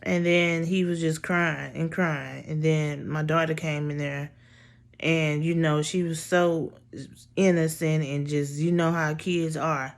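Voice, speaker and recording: Slow, low-voiced woman telling a story. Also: steady tone, vocal fry. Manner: blunt, profane, exasperated. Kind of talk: casual storytelling.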